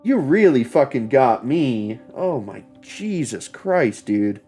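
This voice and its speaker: A man's voice: medium pitch, big pitch swings, slow pace, warm tone, breathy edge, faint music behind. A young adult man chatting casually on a livestream, rambling, laughing often and swearing freely. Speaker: streamer.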